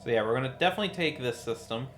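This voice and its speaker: A male streamer talks through his strategy game in a worn-out, low-key voice, dropping wry remarks about the menus as he plays. His voice sits at an ordinary middle pitch, and a faint hiss stays under it throughout. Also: lively intonation, racing. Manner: tired, low-key, thinking aloud. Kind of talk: casual live-stream commentary.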